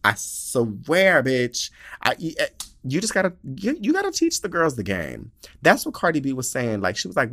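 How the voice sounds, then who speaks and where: A man's voice: medium pitch, moderate pace, dry recording, clean studio sound. Sassy, profane man reading listener letters. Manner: sassy, profane, animated storytelling. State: tired. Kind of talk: casual chat.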